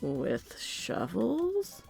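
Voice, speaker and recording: A woman's voice: mid-range voice, wildly swooping pitch, very slow, creaky, dark tone, slightly rough, soft background music. A woman co-hosting a let's-play, reading game dialogue aloud with playful, giggly banter.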